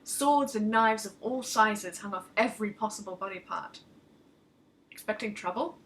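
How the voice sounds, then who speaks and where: A woman author reading her own short story aloud in lively first-person narration. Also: mid-range voice, moderate pace, a little hiss or hum.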